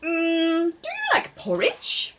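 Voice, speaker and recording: A woman's voice: very high-pitched, wildly swooping pitch, slow, background noise, voice pushed up, full character voice. A woman voicing a fussy, tidy male rabbit in a storybook read-aloud, grumbling and exclaiming.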